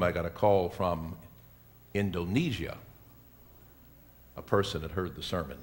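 A man, a pastor, delivering a sermon and building to loud, emphatic preaching. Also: sits low, moderate pace.

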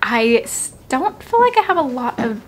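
Young woman, casual home vlogger, breathless and chatty, pitch a touch high. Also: big pitch swings, moderate pace, a little hiss or hum. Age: young adult. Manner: chatty, apologetic, laughs often. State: short of breath. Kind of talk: casual pregnancy update vlog.

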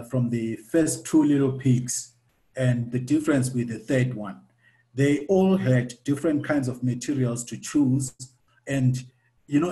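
A man, a civil engineer, explaining a lesson for children in a relaxed, casual way. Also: mid-range voice.

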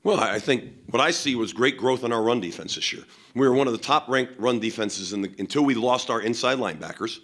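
A man's voice: mid-range voice, expressive, fairly quick, a bit bright. A man, a head football coach, answering questions at a post-game press conference in a blunt, emphatic way, with many fillers.

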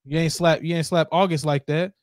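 A man hosting a podcast, ranting in casual chat, animated and heavy with profanity. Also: on the high side, fairly quick, slight background noise. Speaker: podcast host.

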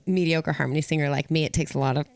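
A woman's voice: deep voice, steady tone, very fast, vocal fry, darkish tone, smooth, no echo. A woman hosting a podcast in casual chat, telling stories and acting out what other people said. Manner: chatty, acts out quotes from others. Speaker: podcast host.

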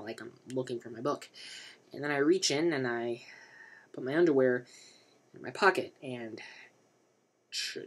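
A man's voice: mid-range voice, a bit bright. A man doing a sheepish stammering young guy. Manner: stammering, rambling. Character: sheepish, embarrassed young man telling a mishap.

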